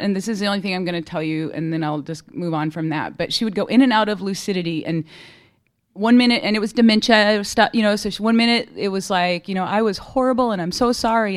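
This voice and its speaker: A woman giving a candid, conversational recovery testimony at a meeting, often checking in with her listeners. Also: medium pitch. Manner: candid and conversational, keeps asking "right?". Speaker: speaker sharing at a recovery meeting.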